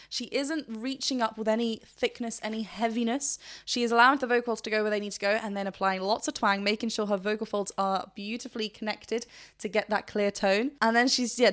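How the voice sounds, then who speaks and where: A woman's voice: on the high side, a bit bright. A woman vocal coach giving chatty, enthusiastic technical commentary in a reaction video, with frequent restarts.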